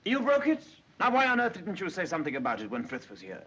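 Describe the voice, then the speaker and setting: An actor playing a wealthy, brooding middle-aged English widower in a 1940s film drama, with a clipped, impatient upper-class manner. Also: male voice, medium pitch, very animated, very fast, a bit bright, slightly rough. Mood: exasperated. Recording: dull old film soundtrack.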